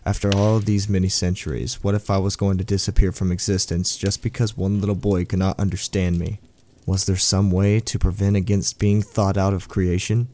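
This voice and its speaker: A man reading a first-person horror story aloud as a storyteller, in a slow, brooding way. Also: deep voice, warm tone.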